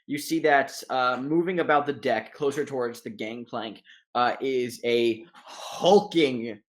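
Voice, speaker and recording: A young man running a tabletop game as dungeon master, narrating haltingly with many fillers. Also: medium pitch.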